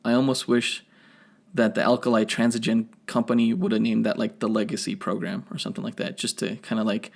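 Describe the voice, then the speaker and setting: A man's voice: fairly low pitch, level tone, a little fast, gravelly. A man co-hosting a podcast, chatting casually through a film review, rambling and correcting himself as he goes. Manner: rambling, self-correcting, nerdy detail. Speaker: podcast co-host.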